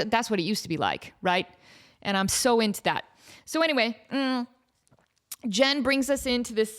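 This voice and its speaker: A woman in her thirties hosting her own podcast, telling a story in a chatty, animated way with lots of fillers and restarts. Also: medium pitch. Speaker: podcast host. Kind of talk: casual solo storytelling.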